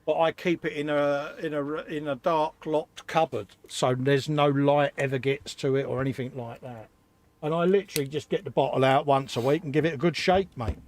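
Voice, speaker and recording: A man's voice: on the high side, steady tone, moderate pace. A man co-hosting a live hobby stream, chatting casually and calling people "mate". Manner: chatty, says "mate" a lot. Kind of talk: casual banter while building models.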